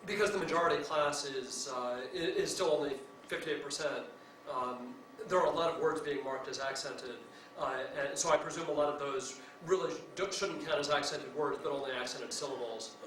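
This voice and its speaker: A man's voice: a little high, moderate pace, a bit bright, reverberant, recorded from a distance, slight background noise, low-quality recording. A man in the audience asking a lecturer a detailed question, carefully qualifying his points with fillers.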